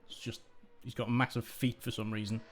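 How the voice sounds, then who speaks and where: A man hosting live commentary for an online racing series. His talk is casual and rambling, with mid-range pitch. He often laughs at his own explanations. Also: flat delivery, fairly quick, a bit bright. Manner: chatty, rambling, self-deprecating. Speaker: host commentator.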